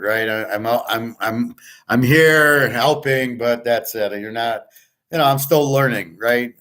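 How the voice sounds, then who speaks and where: A man's voice: mid-range voice, a bit bright. A middle-aged man telling a long work story in a blunt, rambling way that repeats itself. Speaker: podcast host. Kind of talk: casual storytelling monologue.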